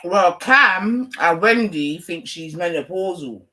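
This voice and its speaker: Host, man, slangy and rambling, highish bright voice, picked up from a distance off the mic. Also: expressive, slow. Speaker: livestream host. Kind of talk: casual livestream chat.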